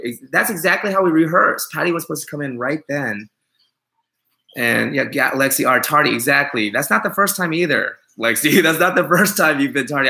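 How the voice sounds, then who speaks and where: Gravelly, bright-voiced joking man streaming. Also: medium pitch, poor audio. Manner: joking, sarcastic, rambling, with mock-offended asides. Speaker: groomer hosting a live stream. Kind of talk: casual live-stream chat reading comments.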